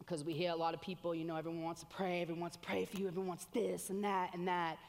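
A woman preaching a sermon with animated exclamations, reading scripture aloud between comments. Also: fairly low pitch, fast talker, few pauses, slight background noise. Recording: long hall reverb.

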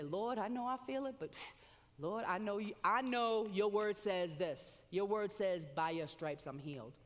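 Animated woman preaching in a reverberant hall. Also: on the low side. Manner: animated, exclaiming, reading scripture aloud. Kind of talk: sermon.

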